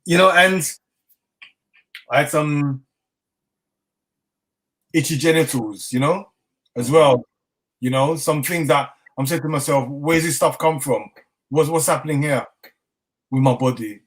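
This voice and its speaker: His voice is a little high and a little slow, with frequent pauses, as the middle-aged chef from London tells his story in a casual interview. He's animated, acting out the dialogue and laughing often.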